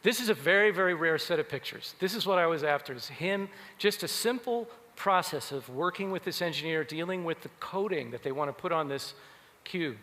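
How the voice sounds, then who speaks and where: A man giving a keynote talk, telling stories in an animated way. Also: fairly high pitch, a little fast. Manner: animated, acts out quoted voices. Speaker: keynote speaker. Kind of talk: keynote storytelling. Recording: long hall reverb.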